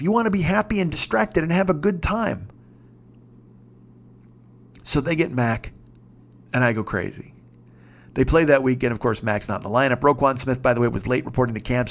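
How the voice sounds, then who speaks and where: A man in his fifties telling a story in a casual monologue, profane and excitable, breaking into shouts. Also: mid-range voice. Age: 50s. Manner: profane, excitable, shouts when reliving moments. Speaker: podcast host.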